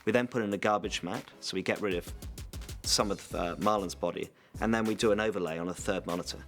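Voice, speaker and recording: A man, a visual effects supervisor, explaining the process in a measured, technical way in a behind-the-scenes interview. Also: sits low, a bit bright, faint music behind.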